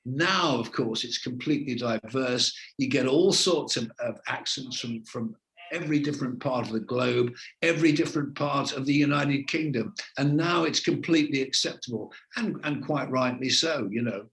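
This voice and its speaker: An older man from England, a veteran TV presenter, answering interview questions in relaxed, anecdotal storytelling. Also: medium pitch, moderate pace.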